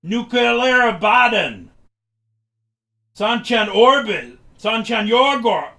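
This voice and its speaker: A man voicing a confused woman from the future who speaks halting, broken English. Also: very high voice, animated, creaky, bright, forceful tone, voice pushed up, full character voice. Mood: halting, puzzled. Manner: halting, fragmented speech.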